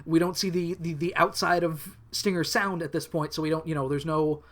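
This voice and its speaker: A man's voice: a little high, fairly even intonation, a little fast. A man co-hosting a podcast, recapping an episode in casual, rambling talk, swearing and restarting often. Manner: rambling, profane, many restarts. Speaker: podcast co-host.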